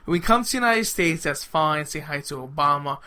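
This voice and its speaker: A man's voice: on the high side, expressive, brisk, sharp tone. A young adult man co-hosting a political podcast, wisecracking and laughing often. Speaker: podcast co-host. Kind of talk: casual political banter.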